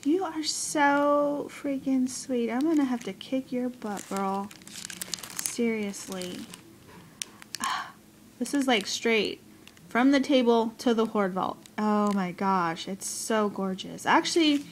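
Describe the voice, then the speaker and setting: A woman with a gushing, giggly manner, excitedly unboxing gifts in a chatty video. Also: a little high, unhurried. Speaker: craft vlogger. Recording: noisy home recording. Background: paper crinkling.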